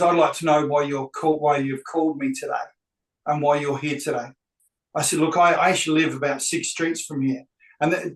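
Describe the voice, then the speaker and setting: A man's voice: fairly high pitch, distant mic. Man telling a story, echoey room. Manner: animated, acts out both sides of dialogue. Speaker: real estate agent telling a story. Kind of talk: anecdotal storytelling.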